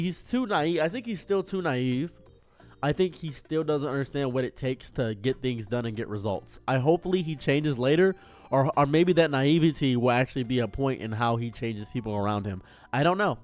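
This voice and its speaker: A man streamer giving excitable, rambling casual commentary on a show he loves. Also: medium pitch.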